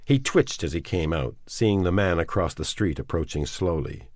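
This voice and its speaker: A man reading a novel aloud as audiobook narration, in a measured and somber way. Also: low-pitched, lively intonation, darkish tone, no room sound, clean studio sound. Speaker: audiobook reader.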